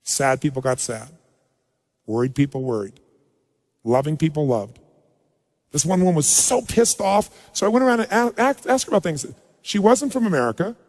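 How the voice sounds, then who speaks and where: A man's voice: on the high side, animated, normal speed, pauses often, darkish tone. A man giving a live stage seminar talk as a motivational speaker, rousing the audience and quizzing them directly in a large hall. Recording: long hall reverb.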